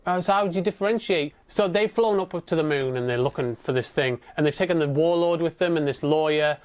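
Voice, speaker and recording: Sweary, sarcastic movie reviewer. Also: male voice, fairly high pitch, fairly quick, a little mellow, clean tone. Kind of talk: casual ranting film review.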